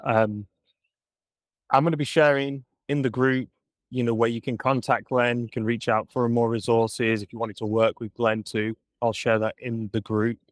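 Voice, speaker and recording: A man's voice: mid-range voice, level tone, normal speed, no echo. Man hosting an interview, dry sound. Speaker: interview host. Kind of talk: casual interview wrap-up.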